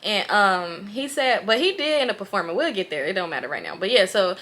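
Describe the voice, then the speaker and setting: A woman in her late twenties tells a wild story straight to her viewers in a casual vlog. Her voice is bright and forward, and she talks in an animated, slangy way with plenty of swearing. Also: mid-range voice, a little fast. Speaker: vlogger.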